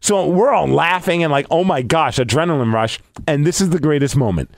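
A man co-hosting a casual podcast, telling a story with excitable, animated energy. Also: a little high, brisk, vocal fry, no echo, studio quality. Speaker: podcast co-host. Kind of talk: casual chat.

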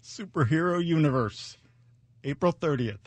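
A man co-hosting a radio show, briskly reading out a ticket giveaway in a radio studio. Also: a little high, animated, no echo. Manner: brisk, reads promos. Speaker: radio co-host. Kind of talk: casual radio chat.

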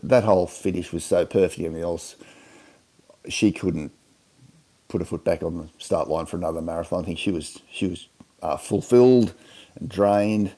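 A man speaking in a halting, heartfelt way in an interview. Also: sits low, dark tone. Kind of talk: reflective interview.

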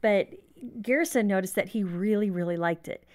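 A woman's voice: mid-range voice, moderate pace, darkish tone. A woman speaking as a guest on marriage, giving conversational advice in a reflective, candid way.

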